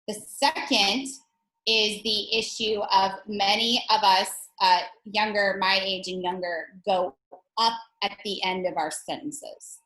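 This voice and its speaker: An energetic woman leads an online presentation workshop, direct and emphatic, often restarting her phrases. She speaks at a middle pitch. Her voice comes through a video call with a roomy echo. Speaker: presentation skills instructor.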